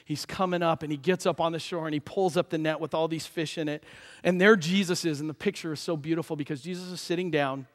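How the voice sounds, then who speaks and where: A man preaches as a pastor in a large hall, telling the story lively and acting out the characters' voices. He talks fast, and his voice sits slightly high.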